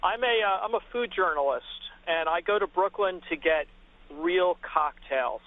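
A man's voice: high-pitched, animated, moderate pace. Emphatic male caller on tinny phone. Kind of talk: radio call-in.

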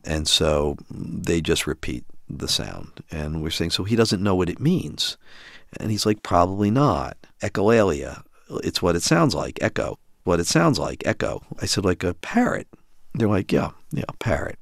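A man's voice: low-pitched, big pitch swings, moderate pace, gravelly, dry recording, clean studio sound. A middle-aged man in a storytelling interview, telling his family's story and acting out the voices of the people in it.

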